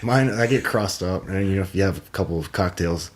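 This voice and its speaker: A man's voice: sits low, fairly quick, a little hiss or hum. A young man from Wisconsin, a podcast guest, chatting casually and laughing often. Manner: laid-back, laughs often. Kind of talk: casual chat.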